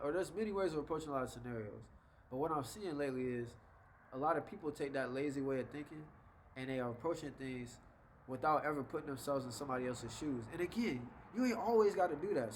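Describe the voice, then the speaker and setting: A man's voice: fairly high pitch, slight background noise, low-quality recording. Laid-back man giving life advice. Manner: laid-back, conversational, acts out quick example voices. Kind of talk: casual advice monologue.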